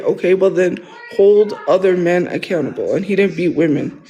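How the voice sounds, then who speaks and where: A man's voice: high voice, a little fast, dark tone, rough recording. A man talking casually on a livestream, rambling and defensive, often restarting his sentences.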